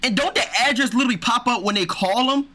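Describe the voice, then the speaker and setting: A man's voice: very high-pitched, fast talker, sharp tone. A man streaming, reacting to a video with exasperated casual commentary, swearing and saying "bro" a lot.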